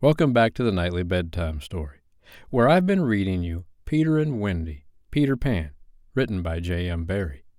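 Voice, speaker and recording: A man reads a bedtime story in a calm, gentle way. His voice is low and recorded close with no room sound. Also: moderate pace, dry recording.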